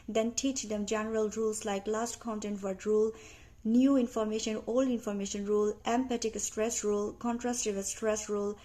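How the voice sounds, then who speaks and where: A young adult woman reading out a class presentation on teaching pronunciation, careful and measured, with small grammar slips. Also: mid-range voice, darkish tone. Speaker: student presenter. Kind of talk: read academic class presentation.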